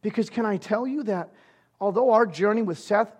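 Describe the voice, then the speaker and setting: A male pastor in his thirties preaching a sermon, swinging from loud, animated passages to hushed, near-whispered ones. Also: high-pitched, normal speed, breathy edge.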